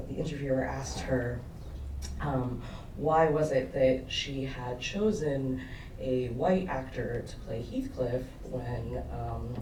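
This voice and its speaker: Hesitant man in an echoey cinema. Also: mid-range voice. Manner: hesitant, many ums, dry humor. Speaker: panelist. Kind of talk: panel discussion after a film screening. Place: cinema auditorium. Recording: echoey cinema, distant mic, noisy.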